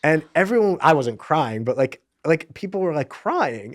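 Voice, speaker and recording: A man's voice: on the high side, big pitch swings, normal speed, few pauses, noisy background. Middle-aged man telling a rambling story. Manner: rambling storyteller with frequent restarts. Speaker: guest, TV writer and creator. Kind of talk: casual podcast conversation.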